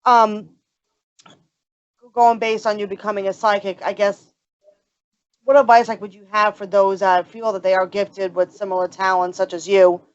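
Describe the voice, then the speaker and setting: A woman hosts a podcast interview, asking questions in a relaxed, chatty way. Her voice sits in a middle range. The recording is dull and lo-fi. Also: mid-range voice, normal speed, long pauses, no echo. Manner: chatty, encouraging listener. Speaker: podcast host. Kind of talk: casual interview chat.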